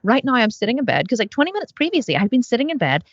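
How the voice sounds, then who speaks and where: A woman's voice: on the high side, very animated, racing, no echo, muffled recording. A woman hosting a podcast, talking casually and bluntly, swearing freely and acting out other people's voices, sitting in bed at home. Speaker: podcast host. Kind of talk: casual conversation.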